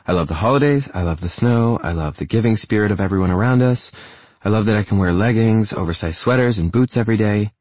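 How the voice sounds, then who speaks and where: A bubbly young woman who gushes and rambles about her favorite things, as a male narrator puts her on. Her voice sits raised and lively with a slightly husky edge. The recording is dry and close. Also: on the low side, fast talker, no room sound, voice pushed up, natural voice. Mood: bubbly, gushing. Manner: gushing, rambling, upbeat. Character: chatty cheerful young woman, eager and bubbly.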